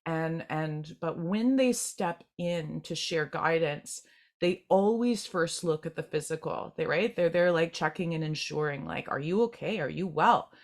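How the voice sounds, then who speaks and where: A woman with a fairly low voice gives a spiritual group tarot reading. Her talk is gentle and meandering, with many halting restarts and repeated words as she searches for what she is sensing. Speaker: tarot reader.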